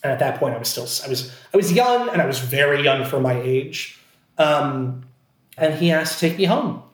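Animated man telling a story, echoey room. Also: on the high side. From Scranton, Pennsylvania, USA. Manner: animated, self-deprecating, many fillers and restarts. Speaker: actor guest telling a personal story. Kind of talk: casual storytelling chat.

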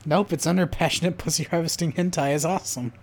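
A man's voice: fairly high pitch, fast. Man rambling through a profane recap. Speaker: podcast co-host. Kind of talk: casual chat.

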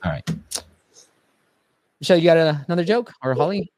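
A man hosts a live app-review stream, talking casually and packing his advice with fillers like "like" and "you know." His voice sits at an ordinary pitch. The sound is dry and close. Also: animated, fairly quick, darkish tone, no room sound. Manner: chatty, filler-heavy.

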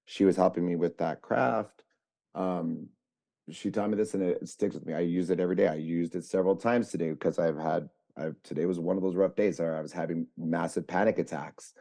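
A man in recovery, a podcast guest, talking in a halting, reflective way with frequent fillers. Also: low-pitched, steady tone, vocal fry, dark tone. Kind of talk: casual conversation.

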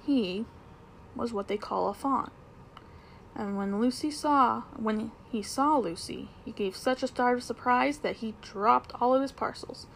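A woman reads a children's book aloud, gentle and unhurried, fixing the occasional slip. Her voice sits fairly high with a gravelly rasp. There is a faint hiss of room noise behind her. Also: poor audio. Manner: gentle, unhurried storytelling with small slips. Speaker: reader.

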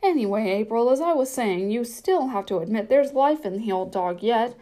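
A doting, theatrical old retired actress gushes in a high, fluttering voice, as a woman narrator puts her on. Her tone stays warm and mellow, and she speaks with stagey flourish. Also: lively intonation, moderate pace, natural voice. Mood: gushing.

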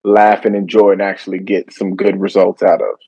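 A man, a guest in a casual interview, telling his story haltingly with many fillers. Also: deep voice, flat delivery, mellow, slightly rough, no echo. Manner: hesitant, filler-heavy storytelling. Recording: dull lo-fi call audio.

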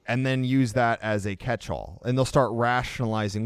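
A man with a smooth, resonant voice talks through his ideas in a casual discussion, explaining emphatically and at length. The sound is dry and close, with no room around it. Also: medium pitch, steady tone, normal speed, hardly any pauses, no echo. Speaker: podcast co-host.

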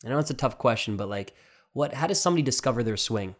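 A man's voice: mid-range voice, lively intonation, quick pace. A man hosting an interview, talking in a reflective, rambling way with many asides and questions. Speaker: podcast host and author. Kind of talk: casual interview conversation.

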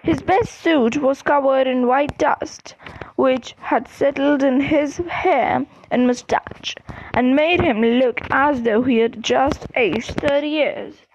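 A woman reading a storybook aloud in a steady, plain way, with the odd slip. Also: sits high, takes it slowly, highs cut off, a little hiss or hum. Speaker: audiobook reader. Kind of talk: storybook narration.

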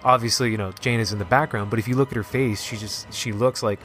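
A man casually recapping a video game story, excited and rambling, with lots of "like" and restarts. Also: lowish voice, fast talker, soft background music. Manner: excited, rambling, heavy use of "like". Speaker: gaming video host.

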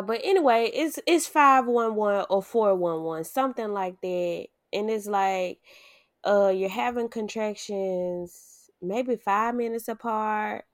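Animated woman telling a story, dry close mic. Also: medium pitch, no room sound. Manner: animated, acts out quotes, swears freely. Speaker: podcast host telling her story. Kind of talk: casual storytelling chat.

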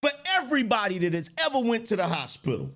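A man's voice: sits high, huge pitch swings, fast talker, a bit bright. A man hosting a podcast, giving casual political commentary in a mocking way, repeating his lines and laughing often. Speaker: podcast host.

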